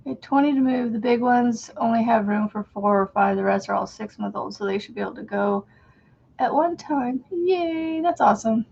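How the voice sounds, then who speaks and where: A woman's voice: a little high, normal speed, gravelly, darkish tone, slightly rough, highs cut off. A woman hosting a crochet livestream, chatting casually, greeting viewers by name and counting stitches under her breath.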